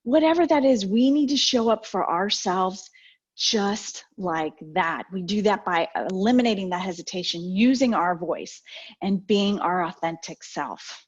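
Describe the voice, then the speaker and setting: A woman's voice: medium pitch, unhurried, slightly rough. A middle-aged woman giving a motivational talk on a video call, telling personal stories and acting out the exchanges she quotes. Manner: lively storyteller, acts out quoted exchanges. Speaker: guest speaker. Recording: dull lo-fi video call audio.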